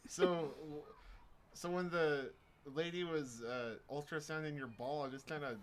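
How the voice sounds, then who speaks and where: A man co-hosting a podcast, chatting casually and teasing his friend with deadpan jokes. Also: a little high, measured pace, a little hiss or hum. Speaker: podcast co-host. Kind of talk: casual chat.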